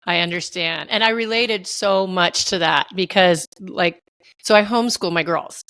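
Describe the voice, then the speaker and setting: A woman's voice: on the low side, normal speed, a bit bright, clean tone, no room sound, clean studio sound. A woman hosting a podcast interview, chatting in a relatable way and sharing personal parenting stories. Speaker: podcast host. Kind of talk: casual interview chat.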